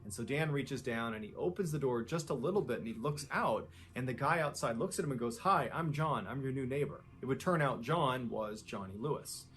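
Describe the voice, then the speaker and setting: A man narrating a true story in a steady, conversational way. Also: mid-range voice, fairly quick, few pauses. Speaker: storyteller in a played video.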